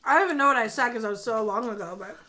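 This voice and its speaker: A woman co-hosting a relaxed vlog chat, her voice bright and a little higher than most. She talks in quick, animated bursts, full of filler words, and sounds casual throughout. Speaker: co-host.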